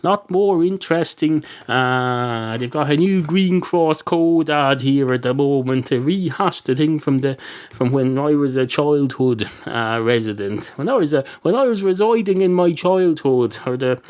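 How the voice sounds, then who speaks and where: A man's voice: fairly high pitch, a little slow, a little mellow, smooth. A man hosting a solo comedy podcast, rambling and correcting himself with many fillers. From Ireland. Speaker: podcast host.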